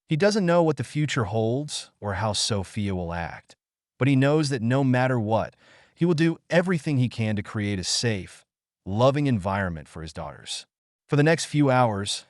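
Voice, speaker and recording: Male narrator, dramatic audio story, lively pitch, dry close recording. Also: dry recording. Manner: dramatic, melodramatic.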